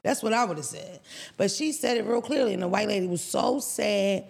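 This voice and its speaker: Blunt, profane woman with a gravelly voice. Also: medium pitch, a little fast, darkish tone. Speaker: podcast co-host. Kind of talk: casual podcast storytelling.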